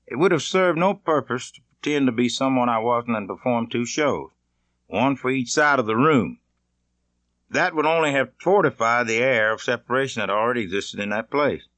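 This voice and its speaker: A man's voice: medium pitch, lively intonation, a bit bright, no echo. Plainspoken man reading his memoir. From Mississippi, US. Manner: plainspoken, measured, conversational storytelling. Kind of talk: audiobook narration.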